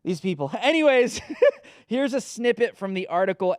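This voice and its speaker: A man's voice: high voice, big pitch swings, moderate pace, no echo, studio quality. A man hosting a political commentary show, talking in a sarcastic, mocking way. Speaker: host.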